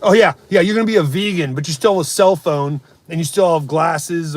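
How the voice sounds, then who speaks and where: A brash male streamer on a comedic rant who mocks his chat and swears freely. His voice sits a bit high. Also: no echo. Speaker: live streamer.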